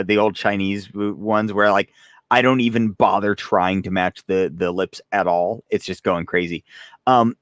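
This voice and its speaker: A young man hosting a gun channel chats casually on a live stream, rambling and self-deprecating and often laughing as he reads chat. His voice is fairly low, and the audio is studio quality with no echo.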